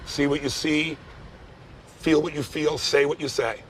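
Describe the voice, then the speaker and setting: A man leading a live coaching session, intense and direct, pressing with quick questions. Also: on the high side, steady tone, fairly bright tone, a little hiss or hum. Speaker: life coach on stage.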